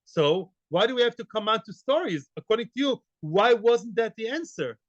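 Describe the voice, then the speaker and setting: A man teaching a Talmud class, animated and full of rhetorical questions. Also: high voice, normal speed, no room sound, dull audio. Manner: animated, rhetorical questions, Yiddish-inflected Hebrew terms.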